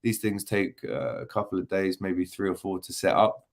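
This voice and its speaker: A young man hosts a relaxed post-match livestream, reading viewer comments aloud. He talks in a loose, teasing way, full of ums and asides. His voice sits a little low. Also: normal speed. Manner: chatty and jokey, many ums, teasing banter. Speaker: football channel host reading live chat.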